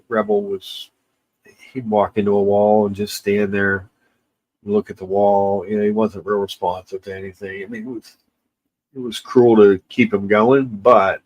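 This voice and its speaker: A man who is crying as he chats casually with livestream viewers, halting and tearful, with many pauses and restarts. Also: on the low side, low-quality recording. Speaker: livestream host.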